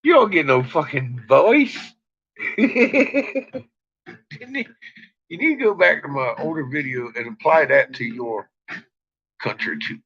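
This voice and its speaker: A man's voice: mid-range voice, sing-song, moderate pace, a bit bright. A man hosting a late-night livestream, ranting profanely at his chat and often breaking into laughter. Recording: dull lo-fi stream audio.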